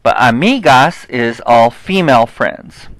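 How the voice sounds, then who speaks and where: A male Spanish teacher walks through articles and plurals at a slow, patient pace. He sounds out each example word with care and keeps asking "okay?" between points. His voice is mid-pitched and recorded dry, with no room sound. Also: lively intonation, fairly bright tone, no echo, low-quality recording. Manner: explains step by step, checks with "okay?"; spells out example words slowly. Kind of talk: recorded classroom lesson.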